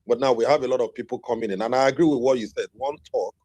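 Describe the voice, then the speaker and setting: A man with a Nigerian Pidgin accent, calmly stepping in to steer a heated live audio chat. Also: medium pitch, fast. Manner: soothing, mediating, drops into Pidgin.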